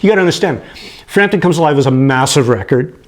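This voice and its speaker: A man in his late fifties telling a personal story, animated and prone to chuckling, who gets emotional as he talks. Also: fairly high pitch, fast talker. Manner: animated, acts out the people he quotes, chuckles as he talks.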